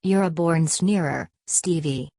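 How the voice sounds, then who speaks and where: Woman doing an earnest simple young guy, pleading, low voice, dry recording. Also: a little slow, dark tone, no room sound. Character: earnest, simple-hearted young male nationalist.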